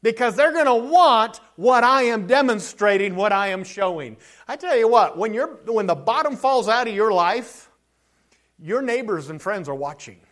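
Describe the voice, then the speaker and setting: Male pastor, sermon delivery, very high pitch, earnest, repeats himself. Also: fairly bright tone. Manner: earnest preaching, often restarts and repeats words.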